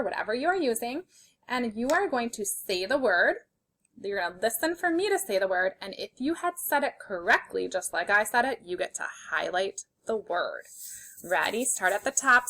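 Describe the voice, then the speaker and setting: A woman with a fairly high, sharp voice teaches young children a phonics reading lesson. She goes slowly and clearly, sounding out each letter and encouraging them.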